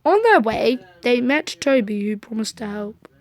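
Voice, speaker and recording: A woman reading a children's storybook aloud in a gentle, even storytelling manner. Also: on the high side, moderate pace. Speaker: storybook reader.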